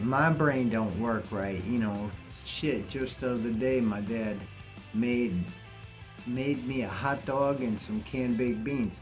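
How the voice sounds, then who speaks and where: A man's voice: mid-range voice, a little mellow. A man talking bluntly and casually to camera in a vlog, cursing now and then. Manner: blunt, plainspoken, swears casually. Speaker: vlogger.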